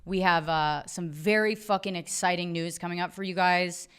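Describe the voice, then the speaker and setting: Bright-voiced woman in casual podcast chat. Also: fairly even intonation, moderate pace, clear, resonant tone. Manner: joking, swears casually, pitches comedy sketch ideas. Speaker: podcast co-host.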